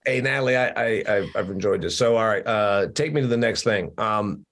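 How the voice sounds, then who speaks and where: A man's voice: fairly low pitch, a little fast, fairly bright tone. A man hosting an opinionated discussion over a video call, emphatic and teasing, with many restarts. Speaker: podcast host.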